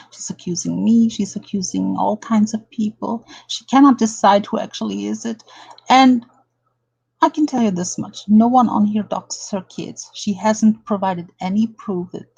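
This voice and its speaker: A woman's voice: medium pitch, gravelly, darkish tone, slightly rough, rough recording. A woman from Germany doing a blunt, indignant drama commentary, calling someone out and reading an article aloud. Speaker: commentary vlogger.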